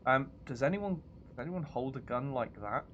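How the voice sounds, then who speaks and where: A man's voice: mid-range voice, lively intonation, a bit bright, dull audio, a little hiss or hum. Giggly British man streaming a game. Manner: giggly, self-mocking, quick to laugh. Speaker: streamer host. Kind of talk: gameplay commentary.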